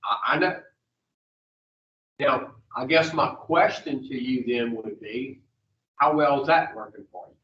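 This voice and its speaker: With a mid-range voice and an unhurried delivery full of long pauses, a man runs an addiction recovery group. He's blunt and profane, firing questions at his listeners in a no-nonsense teaching session. The room sounds dull and echoey, and the mic sits far away.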